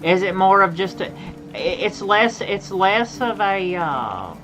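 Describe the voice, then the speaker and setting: A woman from Appalachia, speaking with an Appalachian accent, chats casually and rambles on a gaming stream, often repeating and restarting phrases. Her medium-pitched voice is expressive and slow, heard over music in a rough recording.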